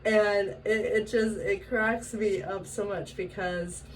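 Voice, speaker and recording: A woman from Washington state telling a story in a casual, animated way, laughing often and acting out the voices she quotes. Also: mid-range voice, unhurried. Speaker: vlogger. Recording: distant mic with faint ambient noise.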